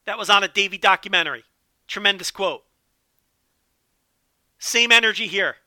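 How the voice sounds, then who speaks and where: A man hosting a solo podcast with animated, profane, joking commentary. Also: high-pitched, moderate pace, long pauses, no room sound, studio quality. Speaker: podcast host.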